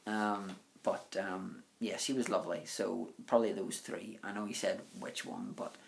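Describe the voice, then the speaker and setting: A man's voice: sits low, fairly even intonation, moderate pace, vocal fry, slight background noise. A man vlogger answering viewer questions in a casual, rambling monologue full of filler words. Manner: rambling, full of "um", "you know" and "like".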